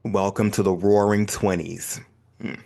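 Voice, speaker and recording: A man from the United States hosting his own podcast in a relaxed, chatty, self-deprecating way. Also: lowish voice, a little slow, gravelly. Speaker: podcast host. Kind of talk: casual solo podcast chat.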